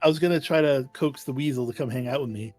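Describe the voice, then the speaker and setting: A man playing in a tabletop game, talking in a halting casual way. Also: medium pitch, a little mellow, faint music behind. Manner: halting, restarts often. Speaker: player.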